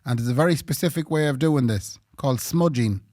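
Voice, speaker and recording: A man with an Irish accent co-hosting a podcast, giving quick, brief replies and giggling in casual chat. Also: mid-range voice, darkish tone, no echo, clean studio sound. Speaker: podcast co-host.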